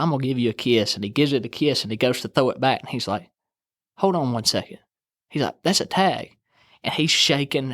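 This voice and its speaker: A man's voice: mid-range voice, no echo, clean studio sound. A young man, telling a fishing story in casual chat and acting out what his friends said. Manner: animated storyteller, acts out quoted friends.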